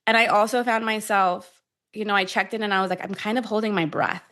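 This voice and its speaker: A woman in her thirties who is a tapping expert, guiding a calm tapping sequence and then telling stories in an animated, conversational way. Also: medium pitch, fairly quick. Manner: calm, soothing guidance shifting to animated storytelling. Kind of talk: guided tapping and conversational chat.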